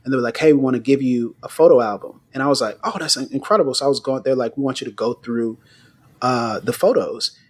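A man hosting a casual conversation, telling a personal story in an animated way. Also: medium pitch, quick pace, slightly rough.

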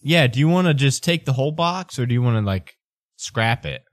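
A man's voice: medium pitch, expressive, a little fast, no room sound, clean studio sound. A man narrating as game master in a casual way, laughing often.

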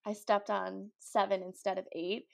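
A young woman chatting casually as a guest, upbeat and talkative. Her speech is full of "like" and little fillers, and her pitch sits in an ordinary middle range. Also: flat delivery, normal speed, creaky. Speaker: guest, cruise ship ice skater. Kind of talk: casual interview chat.

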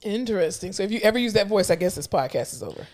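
A young woman co-hosting a podcast in casual chat, blunt and animated, laughing often. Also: medium pitch, rapid-fire. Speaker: podcast co-host.

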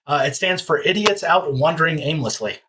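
A podcast host chatting in an easygoing way, quick with jokes. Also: medium pitch, lively intonation, bright, forceful tone, slightly rough. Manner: joking, easygoing. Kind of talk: casual podcast chat.

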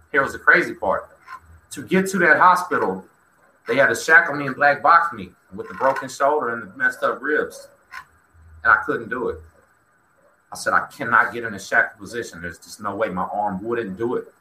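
Texas man hosting, animated storyteller, very bright voice, echoey room, faint hiss. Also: mid-range voice. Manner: animated, acts out quoted dialogue, talks to chat. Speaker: host. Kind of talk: casual storytelling livestream.

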